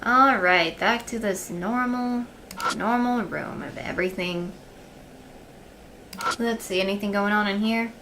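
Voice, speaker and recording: This let's play streamer has a mid-range voice and a measured pace with long pauses, against noisy game music. She casually thinks aloud and reads the game's text, her voice dropping to a quiet murmur as she explores.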